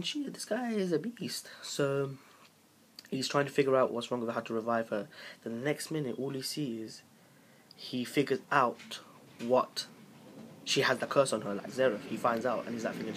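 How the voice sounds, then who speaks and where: A man talks through a manga chapter in a loose, unscripted live review, cursing freely and circling back on his sentences as he recaps. His voice sits at an ordinary middle pitch for a man. A faint hiss of noise stays under the speech. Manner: rambling, profane recap with frequent restarts.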